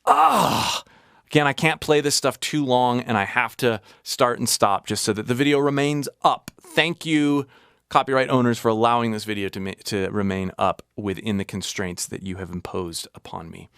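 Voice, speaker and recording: A man's voice: medium pitch, fairly even intonation, moderate pace, fairly bright tone, clear, resonant tone. A man hosting a casual music breakdown, talking enthusiastically and analytically over the song he is playing. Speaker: music reaction host.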